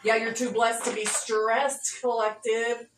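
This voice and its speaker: A woman's voice: fairly high pitch, little pitch movement, a little slow, noisy background. A woman giving a casual tarot reading to her viewers, playful and slangy, often laughing. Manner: playful, laughing, slangy, sings snatches of songs. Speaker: tarot reader. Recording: echoey room with faint ambience.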